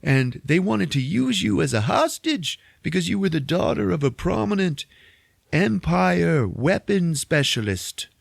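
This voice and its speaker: Guy putting on a high strained voice for a paranoid old rebel boss, dry sound. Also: sing-song, measured pace, vocal fry, no room sound, full character voice. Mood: agitated. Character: aging paranoid rebel leader, male. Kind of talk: podcast retelling with impressions.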